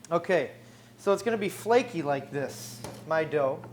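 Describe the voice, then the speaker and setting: A man's voice: fairly high pitch, animated, normal speed, a little hiss or hum. A man hosting a cooking show in a studio kitchen, walking through a recipe step by step in an upbeat, joking way. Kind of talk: on-air cooking demonstration.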